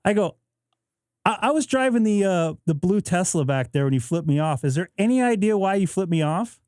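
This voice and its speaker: Guy on a live stream telling a road story, acts out both sides, voice kinda high, super dry mic. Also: animated, brisk, darkish tone, clean tone, dry recording. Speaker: host. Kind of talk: casual chat. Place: home radio shack.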